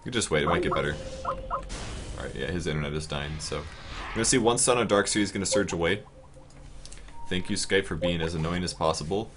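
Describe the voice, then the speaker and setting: A man casting a video game match, calling the plays quickly and getting louder on big moments. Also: deep voice, slight background noise. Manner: fast, rising to excited shouts on big plays. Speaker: esports caster. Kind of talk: play-by-play game commentary.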